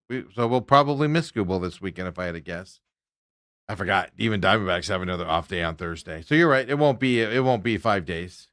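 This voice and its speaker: A man hosting sports talk radio, ranting hard and mocking the players he is angry about. His voice is bright and forceful, his pitch jumps around a lot, and the studio sound is dry and close. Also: no echo.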